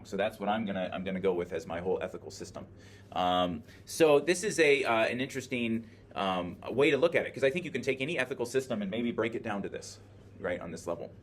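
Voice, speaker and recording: A man teaching a classroom lecture, explaining ideas while thinking aloud with many filler words, recorded by a camera in the room. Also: lowish voice. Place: classroom with a screen. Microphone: video camera in the classroom.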